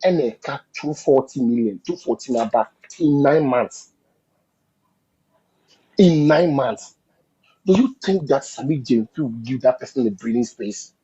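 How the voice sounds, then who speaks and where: A man's voice: mid-range voice, dark tone, slightly rough. A man with a Ghanaian accent, commenting on politics in an emphatic, repetitive way and slipping into Twi phrases. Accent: Ghanaian English. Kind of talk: heated political discussion. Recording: dull lo-fi audio.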